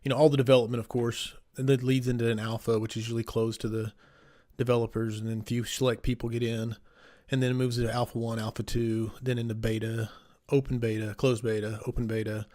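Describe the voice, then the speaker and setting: A man's voice: medium pitch, little pitch movement, fast talker, a little mellow. A man co-hosting a gaming podcast in casual chat, explaining things at length with many fillers and restarts. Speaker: podcast co-host.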